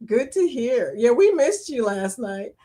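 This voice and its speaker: A woman's voice: a little high, big pitch swings, unhurried, warm tone. A middle-aged woman, hosting a casual livestream chat, reading viewer comments aloud and laughing often.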